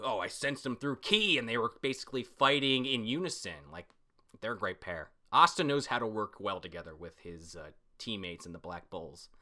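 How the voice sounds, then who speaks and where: Excitable swearing man reviewing comics. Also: on the low side. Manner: excitable, swearing, bursting into shouts. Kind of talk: casual reaction commentary.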